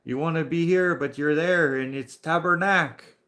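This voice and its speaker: A man's voice: fairly high pitch, normal speed, bright, forceful tone, voice pushed up. A man voicing a cheerful French-Canadian male coworker with a Quebec French accent, explaining things earnestly in broken English.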